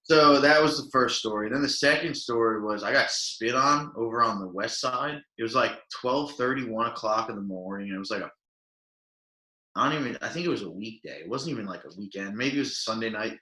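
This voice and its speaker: A young man on a podcast, one of the co-hosts, spins rambling stories in relaxed conversation, packed with fillers and acted-out dialogue. He speaks a little fast in a mid-range voice, and the room echoes.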